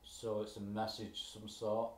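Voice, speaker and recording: Quiet, husky, flat-voiced interviewer. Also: mid-range voice, moderate pace. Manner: brief, quiet questions.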